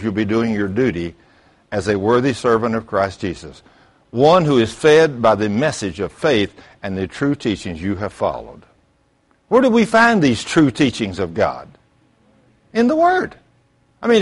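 An older male pastor delivers an animated sermon, his pitch leaping up and dropping low as he goes. He mixes folksy family stories with rhetorical questions and the odd sudden whoop. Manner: folksy storytelling.

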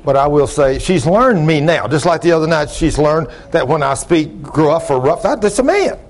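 An older man preaching a folksy sermon, talking loud and gruff, telling plain-spoken stories and asking the congregation questions. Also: a little high, lively intonation, normal speed. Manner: loud, gruff, rising into shouts when acting out stories; plain-spoken, ungrammatical storytelling with audience questions.

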